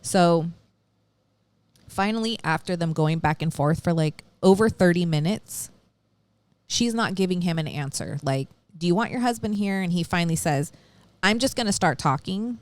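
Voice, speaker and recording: On a podcast, a female co-host casually retells a true-crime story, acting out quotes and swearing freely. Her voice is on the low side, her pace moderate, and the recording dry.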